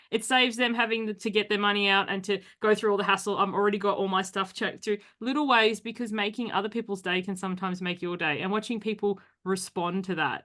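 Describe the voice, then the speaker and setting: A woman hosting a podcast interview, talking casually with quick asides and frequent laughter. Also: medium pitch, sharp tone. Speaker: podcast host.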